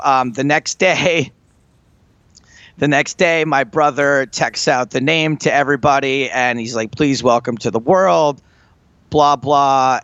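A man co-hosting a podcast, telling a long family story in casual chat, rambling and animated. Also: mid-range voice, no echo, highs cut off. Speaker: podcast co-host.

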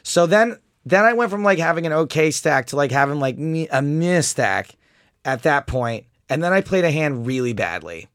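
A man's voice: fairly high pitch, moderate pace, no echo. Man retelling a poker hand, dry sound. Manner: animated storytelling, mocks an opponent's angry chat. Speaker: poker player telling a hand story. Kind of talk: casual chat.

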